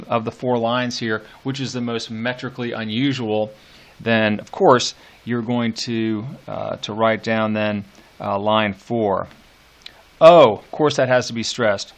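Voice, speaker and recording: Male teacher, mid-pitched, talking through a lecture with fillers and restarts, slows to a deliberate pace when scanning verse. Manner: thinking aloud with frequent fillers and restarts; reads verse aloud slowly, tapping out stresses. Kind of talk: instructional video lecture.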